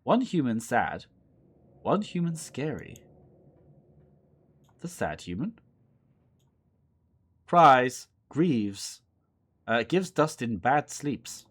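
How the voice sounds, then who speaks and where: A man's voice: big pitch swings, extremely slow, long pauses, a bit bright, full character voice. A man voicing a small, timid male possum that talks in broken, simple phrases. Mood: hushed, fearful. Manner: broken simple speech, high and nervous.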